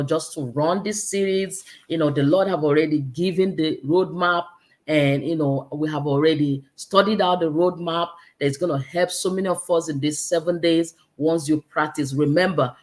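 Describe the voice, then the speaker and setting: A woman's voice: deep voice, steady tone, moderate pace, a little mellow. A middle-aged woman hosting an online confidence challenge, giving an earnest, preachy, conversational faith-based motivational talk.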